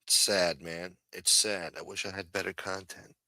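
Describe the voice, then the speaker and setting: A crude, sarcastic livestream host from New rambles through his rants. His tone is sharp and bright, and his voice sounds close and dry. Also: deep voice, level tone, moderate pace, no room sound. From New York. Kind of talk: profane ranting livestream chat.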